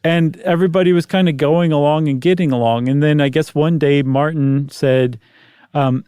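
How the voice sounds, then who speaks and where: Slightly high-voiced male podcast co-host. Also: steady tone, normal speed, mellow, smooth, dry recording, studio quality. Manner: explanatory, recaps facts with asides. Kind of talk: casual storytelling chat.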